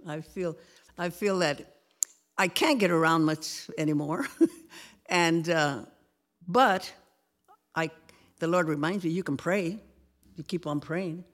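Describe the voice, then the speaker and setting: A ninety-year-old grandmother, interviewed in church, gives a faith testimony though she's nervous speaking in front of people. She talks about her faith with a laugh and recites a prayer in a low voice, slowly, with long pauses.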